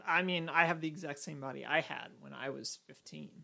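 A woman co-hosting a TV podcast in casual chat, animated and exasperated, laughing often. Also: deep voice, brisk, creaky. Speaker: podcast co-host.

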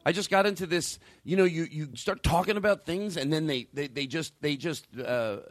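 A man's voice: on the high side, normal speed, dry recording. A man hosting a podcast, telling stories in a loose, rambling and profane way, with lots of restarts. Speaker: podcast host. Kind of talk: casual chat. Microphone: studio mic with a caller on the line.

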